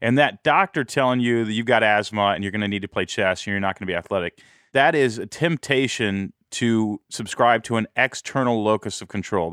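A man hosting an interview, asking energetic questions and explaining ideas thoughtfully. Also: on the low side, dry recording, studio quality. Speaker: podcast host.

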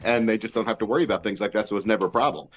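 An older man from Long Island, a guest telling joking stories in a radio interview with crisp, articulate speech. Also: fairly low pitch. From New York, Long Island. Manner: rapid-fire, articulate, joking storyteller.

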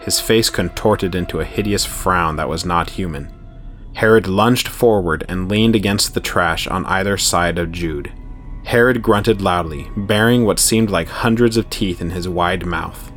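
Deep-voiced male horror narrator. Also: measured pace, a bit bright, soft background music. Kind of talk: scripted horror story narration.

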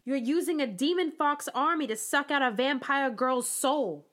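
A woman's voice: sits high, moderate pace, a bit bright. A woman playing a tough, wry young circus performer who speaks bluntly.

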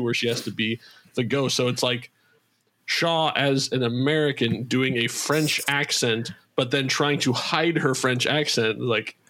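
A man's voice: mid-range voice, a bit bright, slight background noise. A man, creator and host of an audio drama podcast, chatting casually and rambling with many restarts. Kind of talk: casual chat.

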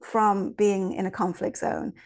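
A woman's voice: mid-range voice, level tone, measured pace, vocal fry, darkish tone. Lady chatting away in an interview, tells stories, keeps restarting her sentences. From Ireland. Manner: chatty, storytelling, many restarts and asides. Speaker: guest. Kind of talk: casual interview chat.

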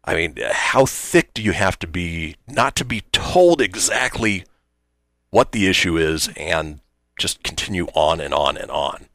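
A man's voice: low voice, expressive, a little slow, fairly bright tone, no room sound, clean studio sound. A man hosting a radio talk show, talking loosely and wryly with lots of "uh" fillers. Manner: loose and conversational, many uh fillers, wry.

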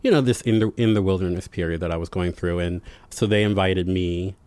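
A young man tells a family anecdote in a low, dry-sounding voice. He is animated and self-deprecating, breaking into quick impressions of others. The recording is close with no room sound. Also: no echo. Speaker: guest. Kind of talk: storytelling in conversation.

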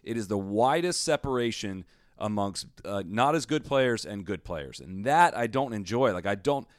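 A man's voice: fairly low pitch, animated, dry recording, studio quality. A man co-hosting a golf podcast, giving strong opinions in casual chat with lots of fillers. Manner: opinionated, talks in quick bursts with many fillers. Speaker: podcast co-host.

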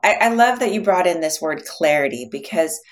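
A woman's voice: fairly low pitch, lively intonation, brisk. A woman psychologist as an interview guest, speaking reflectively and telling a story. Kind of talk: interview conversation.

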